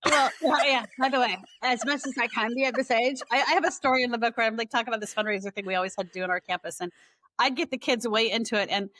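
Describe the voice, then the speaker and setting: A middle-aged woman, a guest author, telling lively stories in a casual podcast chat. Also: fairly high pitch, fast talker. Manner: lively storyteller, animated quoting.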